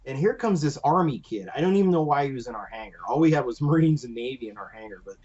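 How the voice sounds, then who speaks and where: A man guest on a podcast, telling a long story in an animated, rambling way full of fillers. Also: mid-range voice, quick pace, husky. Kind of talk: casual anecdote telling. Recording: dull lo-fi podcast audio with faint music.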